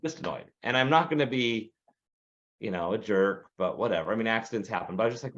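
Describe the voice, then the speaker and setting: A man's voice: lowish voice, fast, highs cut off. A man co-hosting a podcast, telling a story in casual chat and acting out the voices of people he quotes. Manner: animated, acts out quoted voices. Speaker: podcast co-host.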